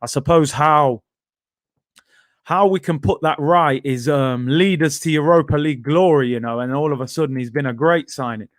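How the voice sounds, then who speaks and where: A man's voice: on the high side, moderate pace, no echo, studio quality. A man hosting a casual football talk stream, chatting loosely with many fillers and asides while reading viewer comments. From England. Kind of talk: casual live-stream chat.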